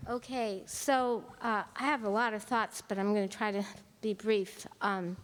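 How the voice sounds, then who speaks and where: A woman resident giving an earnest, measured public comment at a community meeting. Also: medium pitch, steady tone. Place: school meeting hall. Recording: long reverb of a hall.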